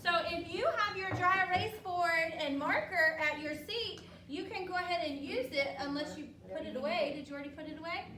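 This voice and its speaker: A woman teacher leading a classroom phonics lesson, upbeat and patient, drawing words out slowly for the children. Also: very high-pitched, pushed and bright. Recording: echoey classroom from far off.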